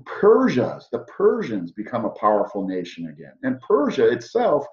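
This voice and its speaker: A male history teacher walks through a map with a joking, easygoing manner. His pitch moves in a lively way. The sound is echoey and a little dull, like a lo-fi room recording. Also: moderate pace. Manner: jokey, leads a map walkthrough. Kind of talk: co-taught history lesson.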